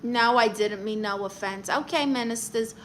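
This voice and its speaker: A woman's voice: a little high, moderate pace, slight background noise. A woman with a Brooklyn accent hosting a comic livestream. She reads viewer comments and gives blunt, sassy advice, calling people honey.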